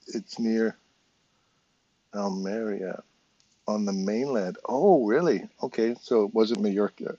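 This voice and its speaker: A man's voice: on the low side, takes it slowly, long pauses, dark tone, no room sound, lo-fi sound. An English man with a casual, chatty manner, talking viewers through a trading chart live, step by step. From England. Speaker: trading educator.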